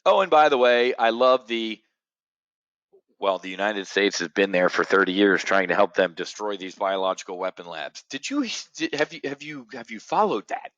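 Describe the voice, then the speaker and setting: A middle-aged man hosting an options trading show, ranting in a blunt, profane, sarcastic way that swings from low muttering to loud outbursts. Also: lively intonation, normal speed, dry recording, highs cut off. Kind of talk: ranting monologue.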